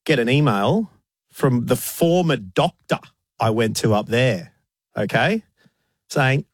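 A man's voice: mid-range voice, animated, takes it slowly, long pauses, dry recording. A young Australian man co-hosting, telling stories in a mock-exasperated way. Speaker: co-host. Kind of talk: casual radio-style banter.

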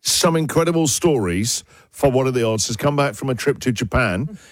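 A man hosting a breakfast radio show, playful and lively, often jumping up in pitch for emphasis. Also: normal speed, dry recording.

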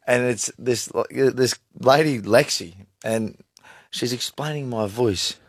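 A man's voice: medium pitch, takes it slowly, slightly rough, dry recording. A man with an Australian accent, a radio co-host in casual studio banter, laughing and playfully boastful.

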